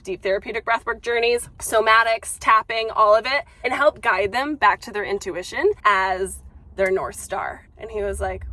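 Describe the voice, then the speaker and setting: A young woman in her twenties, vlogging in a chatty, animated way with lots of fillers. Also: on the high side. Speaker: vlogger, yoga teacher and breathwork guide. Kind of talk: casual talking-to-camera vlog.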